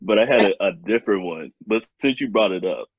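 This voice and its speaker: A young man recounts camp stories in a casual chat, his voice swinging up and down as he laughs through them. His tone is a little husky, and the recording sounds dull and lo-fi. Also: fairly low pitch, animated, brisk, no echo. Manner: laughs often while telling stories. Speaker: former camp director. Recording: dull lo-fi audio.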